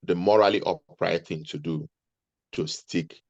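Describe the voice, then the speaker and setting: Deep-voiced man giving earnest advice. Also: steady tone, unhurried, no echo, dull audio. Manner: earnest, advising, repeats himself mid-sentence. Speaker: interview guest, nurse. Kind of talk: conversational interview.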